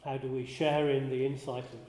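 A man giving a contemplative spiritual talk, speaking slowly and reflectively, often pausing and restarting his phrases. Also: mid-range voice, little pitch movement, mellow. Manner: slow and reflective, with frequent restarts and pauses. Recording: roomy hall with long reverb.

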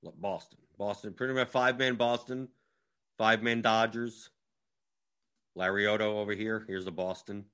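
A man's low-leaning voice, smooth, steady, and a little bright, carries a casual fantasy sports strategy breakdown. He thinks aloud rapidly and scatteredly while scrolling through lineups and listing them off.

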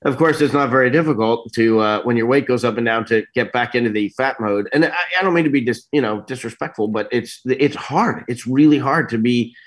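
A middle-aged man telling stories as an interview guest, in an animated, rambling way that keeps breaking off and restarting. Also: mid-range voice, brisk, hardly any pauses. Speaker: actor guest. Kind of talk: casual interview storytelling.

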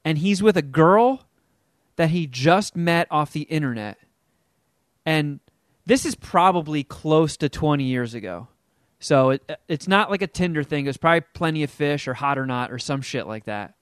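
A middle-aged man casually telling a story on a podcast, animated and acting out the people he quotes. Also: moderate pace, clear, resonant tone, dry recording, clean studio sound. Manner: animated, acts out quotes with big pitch jumps.

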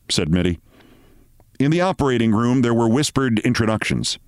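Low-voiced man reading a story, dry. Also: brisk, no room sound. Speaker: host reading a short story.

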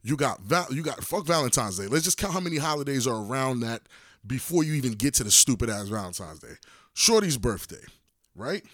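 A man's voice: medium pitch, sing-song, fairly quick, a bit bright, no room sound, studio quality. Blunt, profane man arguing on a podcast. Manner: blunt, profane, teasing and argumentative. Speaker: podcast co-host. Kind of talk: casual chat.

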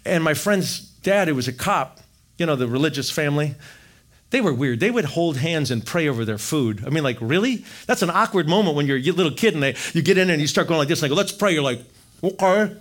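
A middle-aged man from Wisconsin telling his faith story in an animated, jokey storytelling manner. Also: fairly high pitch, fast. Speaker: speaker sharing testimony. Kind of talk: storytelling testimony talk.

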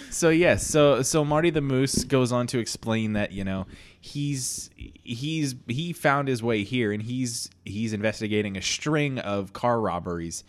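A man co-hosting a comedy podcast, improvising a story with a rambling, halting delivery full of restarts. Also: mid-range voice. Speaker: podcast co-host.

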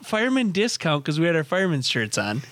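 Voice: mid-range voice, big pitch swings, quick pace, a bit bright, dry recording. A co-host telling a rambling story in casual podcast chat and laughing often.

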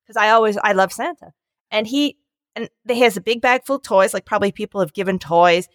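A woman telling a funny story in casual chat, animated and acting out the voices of the people in it. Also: fairly high pitch, a little fast, no room sound, studio quality, some chatter behind.

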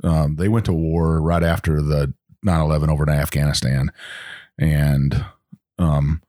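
A man's voice: rumbling low, flat delivery, unhurried, warm tone. A man with a Southern American accent, co-hosting a podcast in laid-back casual chat. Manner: laid-back, explains stories. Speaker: podcast co-host.

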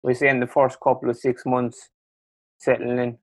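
A man asking questions in an interview, halting and restarting as he goes. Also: mid-range voice, completely flat delivery, dry recording.

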